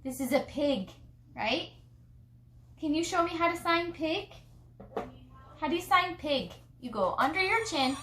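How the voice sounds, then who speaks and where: High, sing-song mom talking slowly. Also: female voice. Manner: sing-song, slow and animated like talking to a small child. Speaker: mother and channel host. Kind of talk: teaching animal sounds and signs to a child. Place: home room, playing with a toy farm. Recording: echoey room with background noise.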